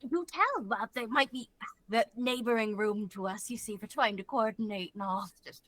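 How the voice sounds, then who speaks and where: A woman's voice: on the high side, normal speed, a bit bright. A woman voicing a chatty, nosy older woman in a tabletop game, probing with folksy small talk.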